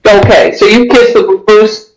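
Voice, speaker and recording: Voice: mid-range voice, fairly even intonation, moderate pace, faint music behind, low-quality recording. A dungeon master narrating a tabletop game session, describing the scene with frequent restarts.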